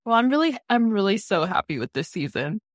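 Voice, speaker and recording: A woman's voice: mid-range voice, big pitch swings, a little fast, no echo, studio quality. A woman co-hosting a casual podcast chat, rambling with lots of "like"s and laughing often. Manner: giggly, rambling with many "like"s. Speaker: podcast co-host.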